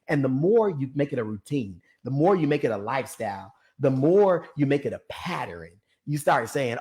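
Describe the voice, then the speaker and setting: A young man preaches about getting fit, calling out to his listeners and laughing as he goes. His voice sits a little high and swings widely in pitch. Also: moderate pace. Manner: animated, calls out to listeners, laughs often. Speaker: ministry founder and personal trainer. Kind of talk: lively preaching-style talk to an online audience.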